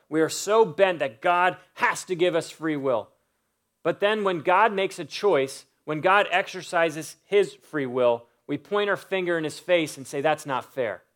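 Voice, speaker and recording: A man's voice: a little high, fairly bright tone. A man preaching a sermon, building emphatic lists and stressing key words. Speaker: pastor.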